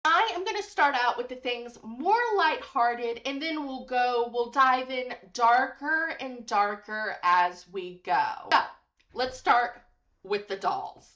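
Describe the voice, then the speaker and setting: A woman's voice: a little high, a bit bright. A woman hosting a commentary video, chatty and casual, swearing and laughing as she talks. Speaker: commentary host. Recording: dull lo-fi mic.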